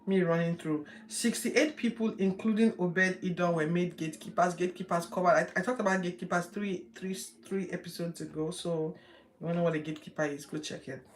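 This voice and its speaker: A woman hosting a Bible reading, chatting lively with her viewers as she teaches. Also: lowish voice, a little fast, slight background noise. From Nigeria. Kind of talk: casual livestream Bible teaching.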